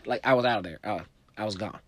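A man telling a profane, animated stand-up comedy story, packed with "you know" fillers. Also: lowish voice, fast talker, husky, no room sound.

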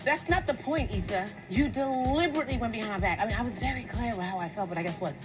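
A woman's voice: a little high, fast, music in the background, lightly acted. An actress playing a young woman who confronts her best friend in a heated, accusing argument, in a clip from a TV series.

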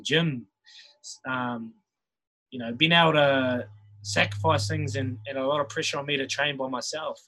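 A man's voice: medium pitch, pushed and bright, poor audio. A man in his thirties with a New Zealand accent, a rugby player guest telling stories in a laid-back, chuckling way. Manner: laid-back, chuckles often, many restarts. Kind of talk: casual storytelling chat.

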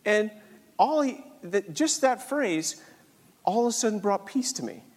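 A man's voice: high-pitched, measured pace. An older man telling a personal faith story in an earnest, storytelling way. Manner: earnest, animated storytelling with acted-out voices. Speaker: speaker sharing a faith story. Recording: long hall reverb.

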